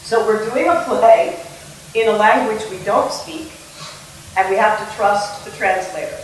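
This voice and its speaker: A woman's voice: mid-range voice, lively intonation, measured pace. Woman, theatre director, playful lecture on meter, echoey room, distant mic, faint background hum. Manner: playful, sings and acts out rhythms.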